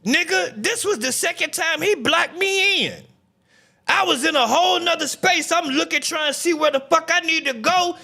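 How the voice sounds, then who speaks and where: A male live-stream host tells stories in a loud, profane style. His high voice swoops up and down with a lot of life. It is bright and gravelly, with rough fry. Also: moderate pace. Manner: animated, profane storytelling, often shouting. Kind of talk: casual live-stream commentary.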